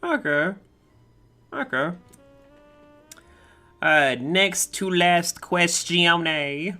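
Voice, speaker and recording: Male podcast host, bright tone, jokey and talkative, loose conversational delivery. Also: on the high side, very slow, soft background music. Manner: joking, chatty, slips into comic voices. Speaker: interview host. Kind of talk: casual online interview.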